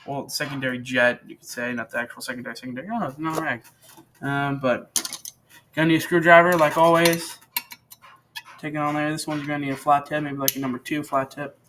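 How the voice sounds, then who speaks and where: A man's voice: a little high, level tone, a little fast, fairly bright tone, slight background noise. A teenage boy hosting a casual how-to, rambling and chatty as he works at a home workbench, often correcting himself. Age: teens. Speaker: channel host demonstrating repair.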